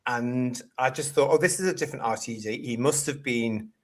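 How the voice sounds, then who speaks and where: A man's voice: medium pitch, fairly quick. A British man hosting a casual live-stream panel chat, blunt and opinionated, with a mocking edge, speaking over a video call. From United Kingdom. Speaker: host.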